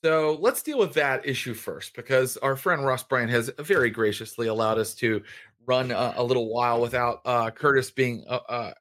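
A man's voice: mid-range voice, moderate pace, a bit bright. A man narrating a tabletop game as game master, in a loose, rambling way with many fillers.

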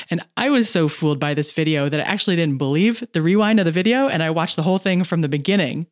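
A woman coaching on mindset in a solo podcast, lively and chatty, often adding "right?" and acting out inner voices. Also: sits low, brisk, no echo, studio quality. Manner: acts out inner voices and laughs at herself.

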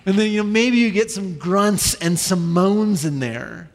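Animated pastor preaching in a big hall. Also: male voice, unhurried. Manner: animated, acts out children's voices with sudden high bursts. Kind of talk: sermon. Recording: long reverb in a large hall.

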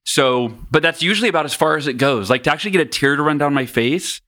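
A man in his forties, a podcast guest, telling candid personal stories in an animated, self-mocking way. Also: a little high, fast talker.

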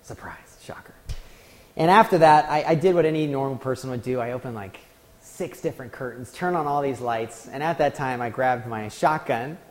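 A man preaching a sermon, telling a personal story in a conversational, self-deprecating way. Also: on the high side. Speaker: pastor. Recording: long hall reverb.

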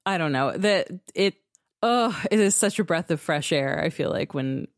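A woman's voice: deep voice, animated, moderate pace, no room sound, clean studio sound. A woman co-hosting a podcast in casual chat, enthusiastic and explaining things in detail. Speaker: podcast co-host.

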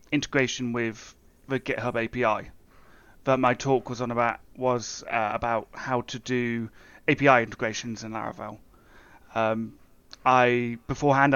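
A man, a software developer guest, explaining his work in a relaxed, chatty way with plenty of fillers. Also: medium pitch, clean tone, no room sound. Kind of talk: casual interview chat. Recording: dull, dry, lo-fi sound.

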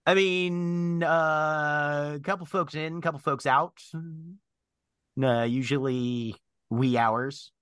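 A man's voice: a little high, steady tone, takes it slowly, a bit bright, clean tone, no room sound, studio quality, voice pushed up. Man voicing Drummond, a blunt streetwise bird. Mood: offhand.

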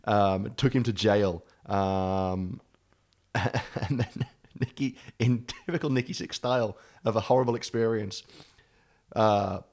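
Guy, kinda low voice, rambling story, swears a lot. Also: steady tone, slow pace, darkish tone. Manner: rambling, swears freely, laughs often. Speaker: podcast co-host telling a story. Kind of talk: casual chat.

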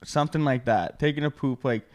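A man's voice: mid-range voice, a little fast, darkish tone, no echo. A man in mid range co-hosts a comedy podcast from a dry, close-miked room. He talks in loose, rambling bursts, laughs often and trips over his own restarts as he riffs on the story. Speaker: podcast co-host. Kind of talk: casual comedic chat.

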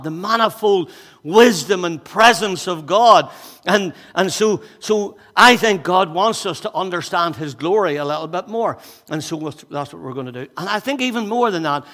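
Male pastor, bright, high voice, breathless and lively in the pulpit, reverberant church hall. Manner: energetic, conversational preaching with jokes and asides. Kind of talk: sermon.

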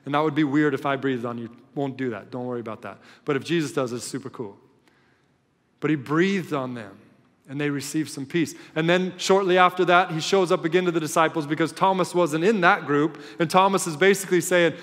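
A male pastor preaching a sermon in a storytelling way, swinging between loud and hushed. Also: on the high side, fairly quick, in a large hall.

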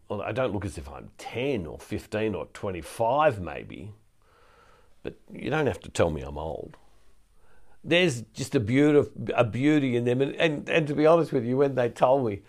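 A man's voice: medium pitch, a little mellow. An older man giving a recorded teaching talk as a Catholic preacher, speaking conversationally with frequent restarts and repeated words. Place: ministry centre studio.

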